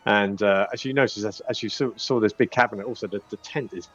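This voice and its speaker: A man's voice: fairly low pitch, steady tone, quick pace, few pauses, slightly rough. A man narrating as game master in a casual, rambling way, with many fillers and restarts. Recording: dull lo-fi audio.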